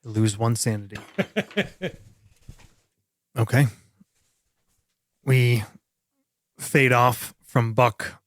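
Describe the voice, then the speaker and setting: A man's voice: medium pitch, drawn-out words, long pauses. A man narrating as game master of a tabletop role-playing game, setting scenes in an easygoing way.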